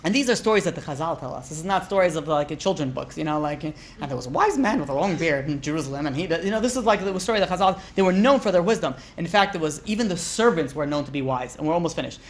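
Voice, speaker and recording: A man, a rabbi, teaching a class through lively storytelling, acting out characters' lines and speaking casually with lots of fillers. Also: on the high side, fast talker, few pauses. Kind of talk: storytelling lecture.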